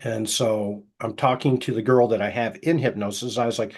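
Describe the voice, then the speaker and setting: A middle-aged man who works as a hypnotist, telling anecdotes casually and acting out the quoted dialogue, with a soft, slow voice for the hypnotic suggestions. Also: on the low side, fairly even intonation, slightly rough. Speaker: hypnotist guest. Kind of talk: casual storytelling interview.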